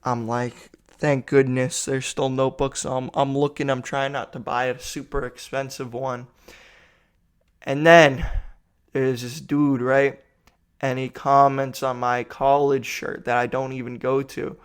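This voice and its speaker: A man's voice: mid-range voice, flat delivery, unhurried, clean tone. A young man telling a rambling, profane story about a store trip, sounding tired and exasperated. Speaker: vlogger. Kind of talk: rambling comic rant.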